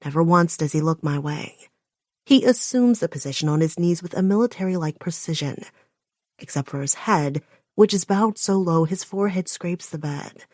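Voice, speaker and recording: A woman with a lowish voice reads a first-person romance audiobook. Her delivery is intimate and often sinks to a hushed near-whisper. The sound is close and dry, with no room around it. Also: moderate pace, dry recording. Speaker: audiobook narrator.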